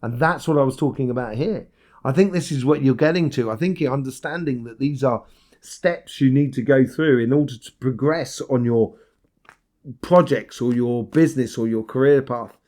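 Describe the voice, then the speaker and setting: A man's voice: mid-range voice, moderate pace, darkish tone. A man giving a casual weekly tarot reading, talking straight to the listener in a meandering, encouraging way, full of fillers and restarts. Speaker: tarot reader.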